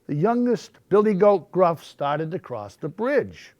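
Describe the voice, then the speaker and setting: A man reading picture books aloud at storytime, with expressive, animated storytelling. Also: on the high side, slow pace, hardly any pauses, dry recording, lo-fi sound. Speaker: storytime reader.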